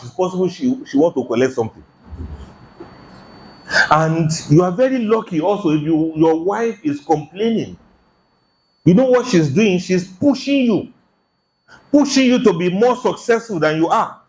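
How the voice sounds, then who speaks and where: A male preacher delivers a Ramadan sermon in a fairly high voice. He is animated and keeps throwing rhetorical questions at the congregation. He often slips into quoted speech to act it out. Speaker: preacher giving Quran commentary.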